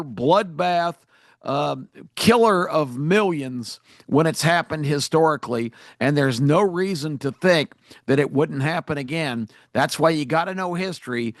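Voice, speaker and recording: A man's voice: a little high, no echo. Indignant talk radio man, close and dry. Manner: emphatic, indignant, with frequent fillers. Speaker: radio talk show host. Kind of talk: political commentary monologue.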